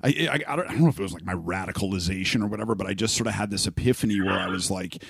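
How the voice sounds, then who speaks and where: A man's voice: sits low, fast talker, gravelly, husky, no room sound, clean studio sound. A middle-aged man from Saskatchewan, talking casually and candidly as a podcast host, swearing often and restarting his sentences. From Saskatchewan, Canada. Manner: profane, rambling, many restarts.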